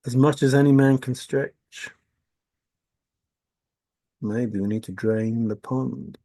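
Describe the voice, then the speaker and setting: A video blogger giving a rambling spiritual monologue, talking in an intense, repetitive way and swearing. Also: male voice, medium pitch, takes it slowly, long pauses, dark tone, no room sound.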